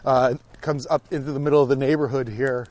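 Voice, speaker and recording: A young man, a podcast guest, chats while walking along a park hiking trail outdoors. His voice is medium-pitched and quick. He's an animated storyteller who swears a lot and acts out his own reactions.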